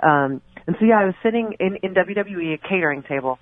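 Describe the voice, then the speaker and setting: A woman's voice: fairly low pitch, animated, fast talker, dry recording. A woman guest on a podcast, telling stories casually and animatedly, with many restarts. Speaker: guest, former pro wrestler. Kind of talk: casual podcast interview storytelling. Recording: tinny phone-like remote line.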